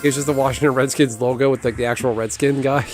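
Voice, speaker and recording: A man's voice: medium pitch, steady tone, quick pace, darkish tone. Rambling, wry male streamer over music. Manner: rambling, wry, chatty asides to chat. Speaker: gaming streamer. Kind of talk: casual stream chat. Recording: music playing underneath.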